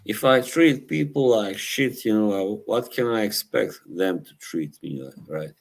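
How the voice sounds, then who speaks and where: A man's voice: on the low side, unhurried. A man hosting a live stream, chatting casually with viewers, rambling and laughing often at his own stories while searching for words. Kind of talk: casual chat reacting to live chat.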